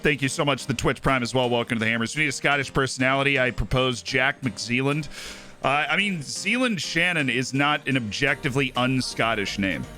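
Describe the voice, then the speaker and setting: A man's voice: mid-range voice, sharp tone. A man hosting a live stream, chatting casually about football and rambling with lots of "right?" and "like". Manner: rambling, tags "right?" and "like" often.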